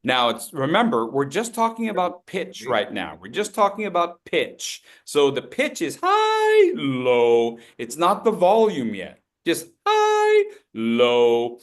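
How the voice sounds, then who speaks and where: A man's voice: a little high, sing-song, a little slow, hardly any pauses, a bit bright. A man presenting a public speaking workshop, joking with the audience and leading group drills. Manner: playful, jokey, leads group drills.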